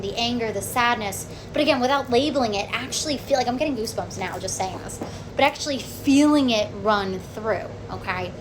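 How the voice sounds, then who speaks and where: A woman with a slightly high voice recounts her own experience in a chatty, animated vlog. She keeps checking in with "okay?" and peppers her talk with "like". A faint background noise runs underneath. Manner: animated, acts out quotes, frequent "okay?" and "like". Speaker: vlogger. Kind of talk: casual personal storytelling.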